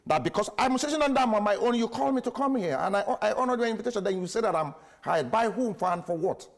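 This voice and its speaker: A man's voice: sits high, expressive, quick pace, creaky. A man from Nigeria, a panelist in a heated studio debate, talking insistently and stumbling over repeated words. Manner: insistent, interrupts and repeats himself.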